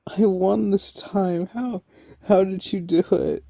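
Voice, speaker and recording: A man voicing a gloating male supervillain who is a sore loser, shrill and frantic. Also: steady tone, takes it slowly, gravelly, warm tone, dry recording, studio quality, exaggerated voice.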